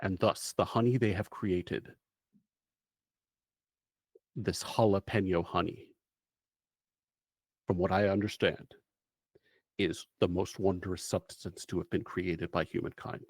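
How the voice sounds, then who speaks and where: A man's voice: deep voice, fairly even intonation, slow pace, pauses often, breathy edge, no echo, pitched below the performer's own voice, exaggerated voice. A man voicing a small, serious red panda who gives a formal mission briefing in a grave, stiff manner. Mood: solemn.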